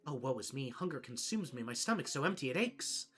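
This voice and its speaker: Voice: medium pitch, sing-song, brisk, a bit bright, soft background music. A streamer voicing a melodramatic, starving forest creature that wails theatrically with a put-on lisp. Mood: dramatic.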